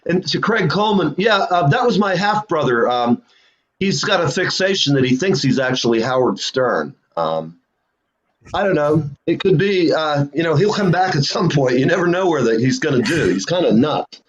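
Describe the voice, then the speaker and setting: Male show host, rambling storyteller, animated pitch, slightly high voice, dull lo-fi sound. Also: normal speed. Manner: rambling anecdotes with fillers. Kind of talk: casual storytelling chat.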